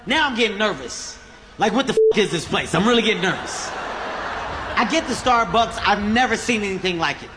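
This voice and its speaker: A man doing stand-up, telling a story in short, punchy, deadpan lines and slipping into acted voices. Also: high voice, normal speed, a little hiss or hum. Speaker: stand-up comedian.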